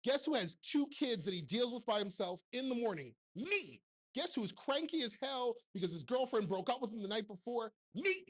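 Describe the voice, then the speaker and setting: Animated man joking through a live talk. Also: extremely high pitch, moderate pace. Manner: animated, joking, blunt and streetwise, lots of rhetorical questions. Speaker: keynote speaker and TV producer. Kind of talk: live motivational talk to an audience. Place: live event stage in front of an audience. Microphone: handheld microphone.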